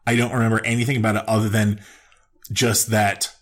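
A man's voice: lowish voice, little pitch movement, brisk, a bit bright. A man in his thirties co-hosting a podcast in casual chat, with a dry, self-deprecating manner. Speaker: podcast co-host.

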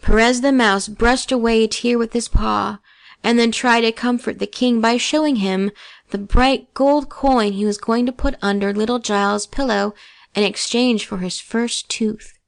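A woman narrating a children's storybook aloud in a gentle, measured reading. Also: a little high, steady tone, creaky.

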